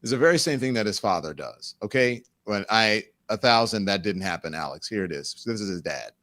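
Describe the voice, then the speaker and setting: A man's voice: on the low side, animated, fairly quick, a bit bright, dry recording. Dry-voiced man hosting political talk. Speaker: host. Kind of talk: political commentary talk show.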